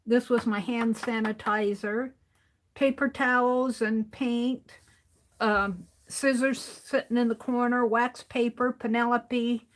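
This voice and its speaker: At her craft desk, a woman with a fairly high, slightly bright voice hosts a laid-back art journaling livestream. She chats while crafting, thinking out loud and often echoing her own phrases.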